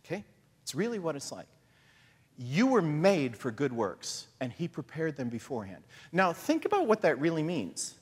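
A man preaches in a relaxed, conversational style and often slips into quick acted voices. His voice sits a little high and swings widely in pitch, with a husky edge. A long reverb trails behind his words. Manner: conversational, animated, acts out voices of God and Jesus. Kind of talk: sermon.

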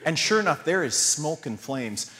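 A man's voice: fairly high pitch, very animated, moderate pace, sharp tone. A man telling a rambling, self-mocking story as a sermon, acting out the quotes in his story. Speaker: preacher. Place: church hall with audience. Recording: long hall reverb.

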